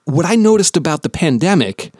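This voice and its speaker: A man's voice: on the high side, big pitch swings, fairly quick, darkish tone, dry recording, clean studio sound. A man from New Jersey, around his thirties, hosting his own podcast in a rambling, profane, self-deprecating chat. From New Jersey, USA. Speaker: podcast host. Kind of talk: casual solo podcast chat. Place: home basement.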